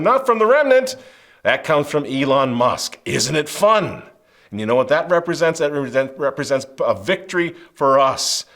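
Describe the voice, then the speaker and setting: A middle-aged man hosting a commentary show, emphatic and sarcastic, swinging between loud outbursts and hushed asides, with many rhetorical questions. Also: on the high side. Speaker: show host. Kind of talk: impassioned political commentary.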